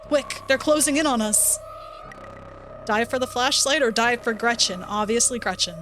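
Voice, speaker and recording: A woman's voice: a little high, normal speed, music in the background. A woman streamer playing a story game, reading its text aloud with playful asides. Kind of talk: let's-play narration reading a visual novel aloud.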